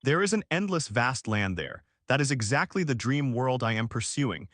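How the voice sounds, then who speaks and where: A man's voice: mid-range voice, expressive, normal speed, fairly bright tone, dry recording, clean studio sound. A man reading the lines of an arrogant self-proclaimed god in an audiobook, with a haughty, lofty delivery. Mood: grandiose.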